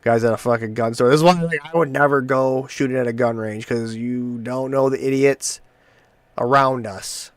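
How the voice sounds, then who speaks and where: A man's voice: medium pitch, fairly even intonation, normal speed, clean tone, dry recording. A male host rambling in casual chat, swearing and restarting his sentences often.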